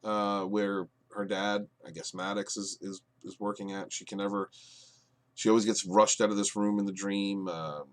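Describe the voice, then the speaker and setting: A man giving an exasperated review of a TV show, with lots of fillers and restarts, dropping to low mutters and then bursting out loud. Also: little pitch movement, moderate pace. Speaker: podcast reviewer. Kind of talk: ranting review commentary.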